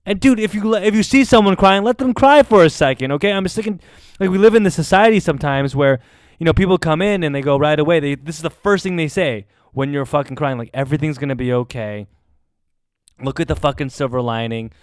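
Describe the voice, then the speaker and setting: A man hosting a podcast, giving a heartfelt monologue in an emphatic way full of swearing, often rising into loud bursts. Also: sits high, animated, fast, no echo, studio quality. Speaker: podcast host.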